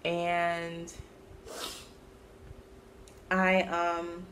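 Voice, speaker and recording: Chatty woman with a low voice. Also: monotone, very slow, a bit bright, slight background noise. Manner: chatty and self-amused, with sudden high-pitched exclamations. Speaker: knitting podcast host. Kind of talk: casual chat.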